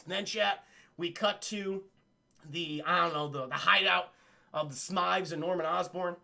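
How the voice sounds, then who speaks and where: A man's voice: sits high, measured pace, gravelly, bright, forceful tone. A young man streaming a rambling, profane episode recap, talking straight to his chat. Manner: rambling, swears constantly, keeps addressing chat. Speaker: streamer reviewing a cartoon.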